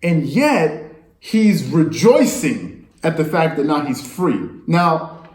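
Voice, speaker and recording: A man's voice: fairly high pitch, big pitch swings, slow, a little mellow, echoey room. A man talking casually about sports news, rambling and incredulous, speaking straight to his viewers. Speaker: sports commentator. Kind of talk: casual sports talk monologue.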